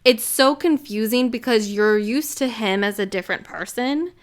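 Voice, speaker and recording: A woman's voice: on the high side, normal speed. An American woman co-hosting a podcast, chatting bluntly and casually about a film she watched, swearing freely. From United States. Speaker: podcast co-host reviewing films. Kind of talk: casual chat.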